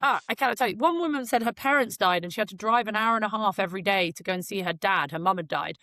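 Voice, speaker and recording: A woman's voice: medium pitch, quick pace, bright, forceful tone, dry recording. A middle-aged woman from Britain, a broadcaster talking as a podcast guest in a candid, rambling way, swearing and joking. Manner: frank and jokey, swears, rambling tangents. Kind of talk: candid conversational interview.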